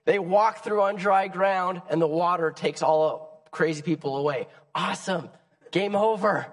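A young man preaching a sermon on a church stage, his voice raspy and hoarse from a cold. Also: high-pitched, measured pace. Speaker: pastor. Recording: long church hall reverb.

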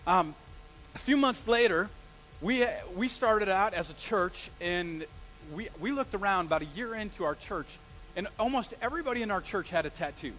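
A man, a pastor, preaching a live sermon, telling stories in an animated way and asking the congregation questions. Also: high-pitched, moderate pace, a little hiss or hum, poor audio.

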